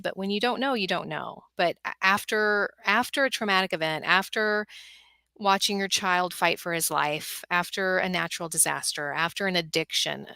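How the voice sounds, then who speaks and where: A middle-aged woman with a bright, smooth voice, speaking earnestly and with animation. She sounds like a guest on a talk show. Her voice is recorded close to the mic in a dry room. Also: fairly low pitch, no room sound. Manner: earnest, animated storytelling with acted quotes. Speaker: podcast host and workshop speaker for moms.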